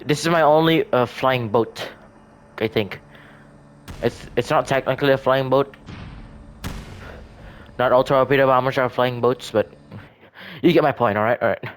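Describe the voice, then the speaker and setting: Casual male gaming commentator, mid-pitched, halting and self-correcting as he talks through his builds. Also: slight background noise. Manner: rambling, hesitant, frequent restarts and self-corrections. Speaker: gaming video creator.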